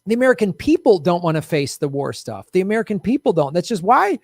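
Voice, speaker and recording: A man hosting a casual political talk show, talking in an animated, indignant way and mocking people in quoted voices. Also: high voice, fast talker, no room sound, studio quality. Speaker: podcast host.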